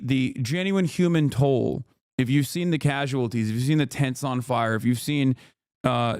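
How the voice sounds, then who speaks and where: A man's voice: mid-range voice, clean tone, dry recording, studio quality. A man streaming live, reacting to clips with sarcastic, mock-outraged asides and rambling restarts. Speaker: political streamer.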